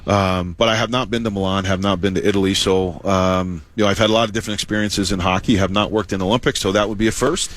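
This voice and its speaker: Deep voiced coach guy, answers slow and steady, lots of you know and uh. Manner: measured, fills pauses with "you know" and "uh". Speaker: hockey head coach. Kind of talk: interview answers.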